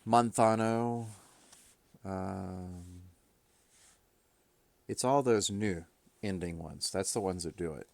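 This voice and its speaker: A man's voice: deep voice, takes it slowly, creaky, long pauses, darkish tone, no echo. A man teaching a recorded grammar lesson, talking it through informally and thinking aloud as he goes. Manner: thinking aloud, informal, with fillers and self-corrections. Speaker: Greek teacher.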